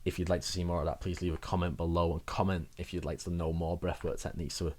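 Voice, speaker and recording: Deep-voiced chatty young man. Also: flat delivery, fast talker, a little mellow. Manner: chatty, rambling, self-mocking with frequent laughs. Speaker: wellbeing vlogger. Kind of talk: casual advice vlog.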